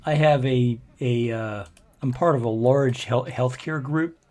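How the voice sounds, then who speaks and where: A man's voice: medium pitch, a little slow, darkish tone. An older man, rambling through casual gameplay commentary with grumbling asides. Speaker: let's play host.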